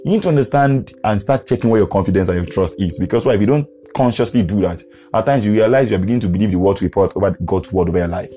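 A lower-pitched man with a mellow, relaxed tone delivers a podcast sermon. He preaches earnestly and repeats his points, chuckling between them. Faint music plays behind him. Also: rapid-fire.

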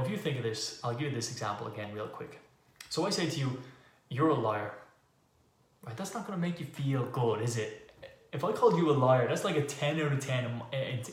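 Emphatic man in an echoey room. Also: mid-range voice. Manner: conversational, emphatic, uses rhetorical questions. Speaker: podcast host. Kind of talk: casual motivational monologue. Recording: echoey room with faint ambient noise.

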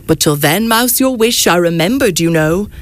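A woman voicing a kindly old Santa Claus in a storybook read on the radio, gentle and fatherly. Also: lowish voice, lively intonation, moderate pace, close to an everyday voice.

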